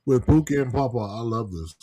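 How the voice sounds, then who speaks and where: A brash, joking man co-hosting a live talk show. He reads out plugs for the network's shows and swears freely along the way, at a middle pitch. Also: animated, fairly quick, warm tone, husky. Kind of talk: casual chat and show promos.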